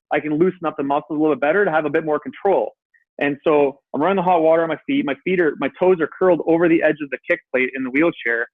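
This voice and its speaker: A man's voice: fairly high pitch, dry recording. Man on a tinny phone-like line. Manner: animated, swears freely, acts out his own past words. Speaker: guest. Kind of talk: casual interview storytelling.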